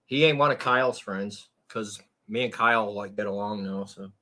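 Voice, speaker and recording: A man's voice: lowish voice, normal speed, pushed and bright, a little hiss or hum. A man live streaming and chatting casually with his viewers, rambling in a crude and profane way.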